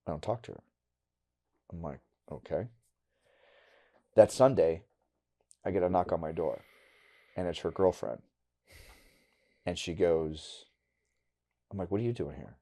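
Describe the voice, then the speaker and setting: A middle-aged man from Wisconsin, a podcast guest telling a personal story candidly and bluntly, going quiet and halting on hard memories. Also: deep voice. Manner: candid and blunt, with casual swearing.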